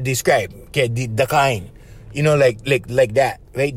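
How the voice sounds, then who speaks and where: A man with a Hawaiian Pidgin English accent, hosting a podcast and telling stories in a loose, animated way that is full of laughs. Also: a little high, moderate pace, breathy edge. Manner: animated, laughing often, acts out voices, says "right?" after phrases. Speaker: podcast host. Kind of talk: casual storytelling monologue.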